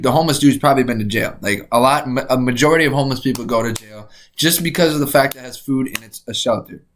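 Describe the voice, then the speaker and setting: A man's voice: medium pitch, fairly bright tone. Male streamer, casual rant, swears a lot, slightly hissy audio. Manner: blunt, swearing, repeats "bro". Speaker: streamer reacting to a video.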